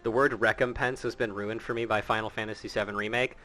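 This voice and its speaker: A man's voice: on the low side, steady tone, fast, bright, forceful tone, soft background music. A man streaming a game who chats casually, laughs often and swears. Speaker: streamer reading a game aloud.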